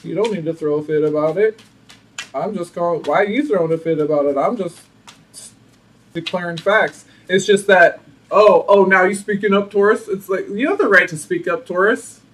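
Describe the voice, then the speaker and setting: High-voiced sassy man reading tarot. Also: normal speed, distant mic, slight background noise, poor audio. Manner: sassy and animated, laughs often. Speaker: tarot reader. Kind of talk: casual tarot reading to camera.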